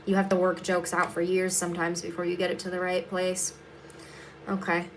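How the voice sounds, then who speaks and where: A woman's voice: fairly low pitch, completely flat delivery, moderate pace, a little hiss or hum. A young adult woman comedian hosting a casual livestream, answering viewers bluntly and sarcastically, with plenty of swearing, while she does her makeup.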